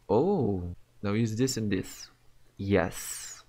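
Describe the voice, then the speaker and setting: Excitable young man commenting on gameplay. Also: fairly low pitch, measured pace. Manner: excitable, swears often, talks to himself. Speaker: gaming video creator.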